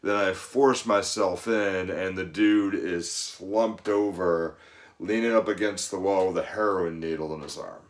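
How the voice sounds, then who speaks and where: A man's voice: sits low, fairly even intonation, a little slow. A middle-aged man, a fitness coach, giving an earnest, rambling motivational monologue full of "you know" asides.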